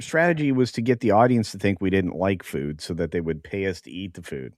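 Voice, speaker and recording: A man who is a guest on a casual panel show, talking in halting bursts full of restarts. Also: low-pitched, darkish tone, no room sound, clean studio sound.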